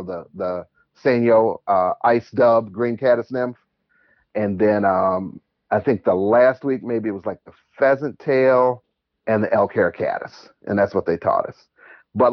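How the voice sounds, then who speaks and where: A man's voice: lowish voice, no room sound, highs cut off. A man calling in to a show and telling stories in a casual, chatty way, laughing easily. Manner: animated, chatty, quick to laugh. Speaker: caller. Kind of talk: casual storytelling.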